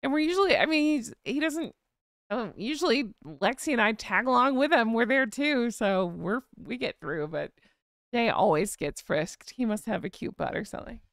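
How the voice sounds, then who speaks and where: A woman with a Southern US accent hosts a casual live-stream chat, gossipy and giggly. Her voice is fairly high with lively intonation at normal speed, recorded dry with clean studio sound.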